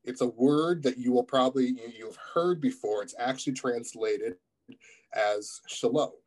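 Speaking at medium pitch and a moderate pace, a man delivers a guest sermon in a church, reading from scripture and questioning the congregation. His delivery is halting, packed with fillers and restarts, and the audio is poor.

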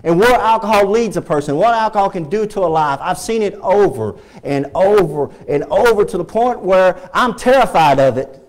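Fervent high-voiced Texan preacher man. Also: expressive, moderate pace, hardly any pauses. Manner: fervent, repetitive preaching, rising to emphatic peaks. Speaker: pastor. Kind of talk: sermon. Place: church sanctuary.

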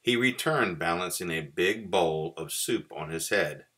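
Casual: deep-voiced pastor guy reading a kids story, slow and expressive.

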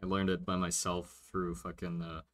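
A man's voice: low-pitched, completely flat delivery, normal speed. A man from Germany, a streamer, chatting casually and hesitantly, stammering and restarting, with casual swearing. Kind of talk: casual chat.

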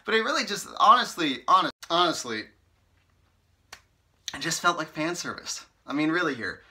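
A man's voice: a little high, big pitch swings, normal speed, sharp tone. A man giving a casual spoken review in a chatty, rambling way, filling his talk with "like" and "you know" and sounding playfully exasperated. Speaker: book reviewer. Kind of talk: casual vlog commentary.

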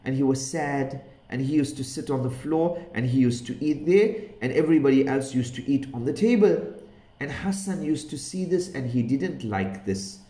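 A man gently telling a children's story, pausing to ask the listening child questions. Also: mid-range voice. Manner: gentle, asks the child questions, Islamic phrases. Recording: roomy echo.

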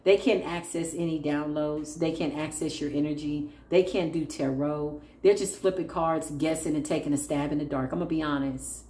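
A woman speaks low and mellow, with a steady tone, moderate pace, and few pauses, as she does a casual tarot reading. She's blunt and sassy, laughs as she talks, and calls her listeners "child"; the room is echoey with faint noise.

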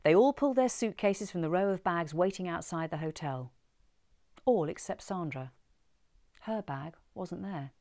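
A woman reading a story aloud in an expressive, measured way. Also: on the low side, no echo, studio quality.

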